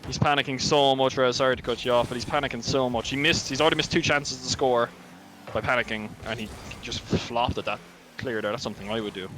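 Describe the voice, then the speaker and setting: A man's voice: mid-range voice, steady tone. A man with an Irish accent giving chatty color commentary and analysis on an esports match. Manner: rapid, chatty analysis with fillers. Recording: noisy background.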